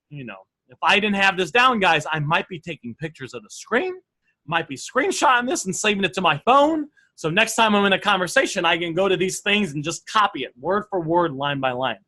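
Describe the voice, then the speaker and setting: A man coaches a training group in a live online session, upbeat and direct as he reads out sample message lines. His voice sits high and sounds bright and forceful. He talks to the class like a regular leading his own program. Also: poor audio.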